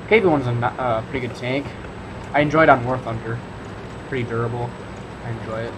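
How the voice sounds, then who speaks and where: A man hosting a gaming video, commenting casually on his match in a relaxed, rambling way with many fillers. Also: mid-range voice, fairly quick, noisy background. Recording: voice over loud game sounds. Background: game engines and artillery fire.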